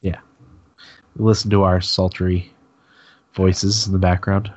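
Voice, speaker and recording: A man with a raspy voice, co-hosting a casual podcast chat and steering the show along. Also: low voice, level tone, takes it slowly, lo-fi sound. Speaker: podcast co-host.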